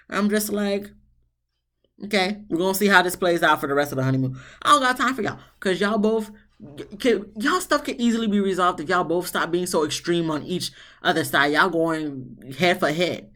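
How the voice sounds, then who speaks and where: Sassy recap vlogger, blunt, swears, voice leaps high when exasperated, mid pitch. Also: a bit bright. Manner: jumps into high exasperated tones. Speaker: TV show reviewer, channel host. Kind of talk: casual recap commentary.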